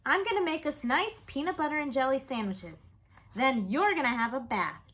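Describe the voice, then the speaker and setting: A proud, bumbling father from a children's storybook, hearty and coaxing, as a woman puts him on. His lines rise and fall with a lively, bright tone. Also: high-pitched, normal speed, pitched above the performer's own voice.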